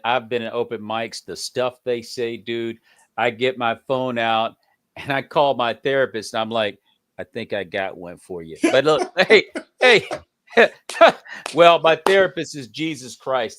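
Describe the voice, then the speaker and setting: A man, a pastor and comedian, telling lively stories as a guest in a casual interview. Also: mid-range voice. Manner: laughing, energetic storyteller.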